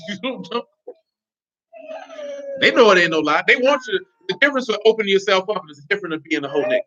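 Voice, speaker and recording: A man's voice: high voice, animated, rapid-fire, pushed and bright. A man giving informal, blunt religious teaching in streetwise slang, with laughing asides. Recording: dull lo-fi recording.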